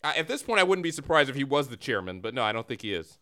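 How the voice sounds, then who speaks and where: A man's voice: mid-range voice, big pitch swings, rapid-fire, sharp tone. A man co-hosting a comedic podcast in a casual chat, sounding exasperated as he tries to keep the show on track. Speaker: podcast co-host.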